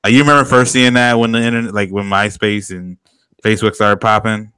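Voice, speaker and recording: Bright, smooth young man, slangy and laid-back. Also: steady tone, fairly quick, no room sound. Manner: laid-back, slangy, often drops to a low mumble. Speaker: podcast co-host. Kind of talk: casual chat.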